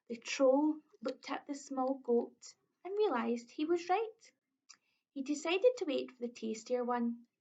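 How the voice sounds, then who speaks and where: Scottish woman, children's storyteller, expressive and clear, high voice, muffled lo-fi sound. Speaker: early years storyteller. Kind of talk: children's storybook reading with signing. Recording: dull lo-fi recording.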